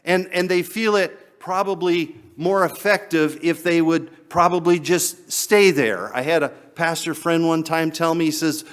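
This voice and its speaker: Male pastor, sermon, chatty delivery, chuckles, slightly high voice. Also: fairly even intonation, a little slow, hardly any pauses, clean tone. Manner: conversational, chuckles and repeats words.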